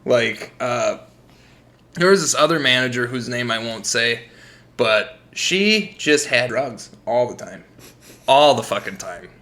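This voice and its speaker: A man's voice: medium pitch, lively intonation, measured pace, pushed and bright. A young American man co-hosting a podcast, telling profane work stories in casual chat and laughing often. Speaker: podcast co-host.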